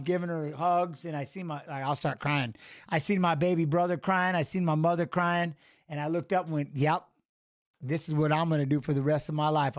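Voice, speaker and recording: High-voiced blunt man calling fights. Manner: blunt and profane, mixing call-outs with life stories. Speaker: watch-along host. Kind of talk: casual live fight commentary and storytelling.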